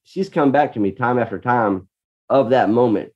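A man's voice: medium pitch, moderate pace, lo-fi sound. A man in a casual conversation, earnestly telling a story about being a parent. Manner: earnest storyteller, reenacts his own shouting.

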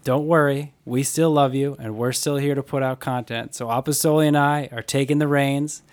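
A man's voice: mid-range voice, fairly even intonation, moderate pace. Young male podcast host, chatty and playful, plain everyday voice. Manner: upbeat, joking, reads ad with acted anecdotes. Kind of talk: casual podcast chat.

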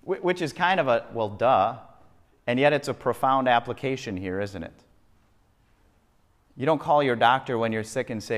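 A man's voice: mid-range voice, animated, normal speed. A male pastor preaching a sermon, emphatic and fond of repeating phrases for effect. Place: church sanctuary. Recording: long reverb of a church hall.

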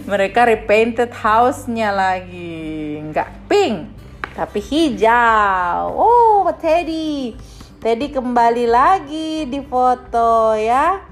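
A mother reading a picture book aloud to her child, slowly, stopping to explain things. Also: a little high, expressive, faint music behind.

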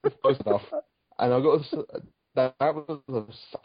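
A man's voice: mid-range voice, normal speed, slightly rough, no echo. Chatty man in casual podcast talk. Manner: rambling, chatty, with frequent restarts. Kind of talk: casual podcast chat about a cartoon. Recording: dull, dry, lo-fi sound.

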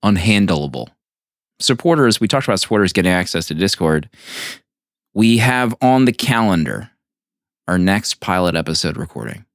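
Lively, playful man hosting a podcast. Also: low-pitched, no echo, clean studio sound. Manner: playful and teasing, quick to laugh. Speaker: podcast host. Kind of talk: casual chat.

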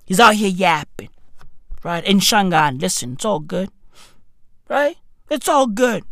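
Animated, profane South African woman. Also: mid-range voice, a little slow, long pauses, no room sound, clean studio sound. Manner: profane, animated, keeps asking "right?". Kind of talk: comedic storytelling rant.

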